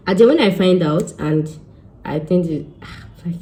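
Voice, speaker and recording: A young Nigerian woman speaks in a low, warm, mellow voice. She talks to her followers with animated emphasis as an immigration consultant, slipping Yoruba phrases into her English. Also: moderate pace, long pauses, poor audio. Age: young adult. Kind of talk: casual monologue to followers.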